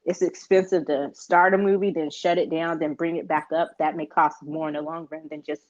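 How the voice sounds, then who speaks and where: An American woman co-hosts a podcast in a relaxed, rambling way, leaning on fillers between thoughts. Her voice sits on the lower side. The recording is dry and slightly muffled. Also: fairly quick, no echo. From United States. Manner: chatty, rambling with many fillers. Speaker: podcast co-host. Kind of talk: casual chat. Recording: dull, dry lo-fi sound.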